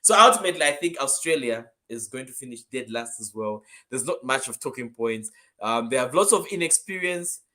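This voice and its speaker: A man from Zambia, co-hosting a casual football prediction chat over a video call. He speaks energetically and emphatically, swinging between loud bursts and softer asides. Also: medium pitch, expressive, a little fast, hardly any pauses. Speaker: co-host.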